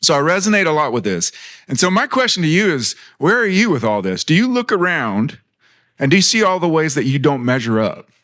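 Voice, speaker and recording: A man's voice: a little high, very animated, fairly quick, fairly bright tone. A man in his thirties preaching a sermon in a church, earnest and conversational, mixing personal stories with light humor.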